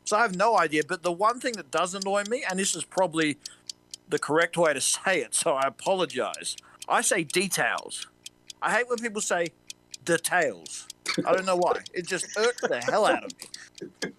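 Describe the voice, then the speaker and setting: A man's voice: high voice, lively intonation, brisk, bright, forceful tone, slight background noise. A man from southern Australia with an Australian accent, chatting casually as a panelist, laughing at himself.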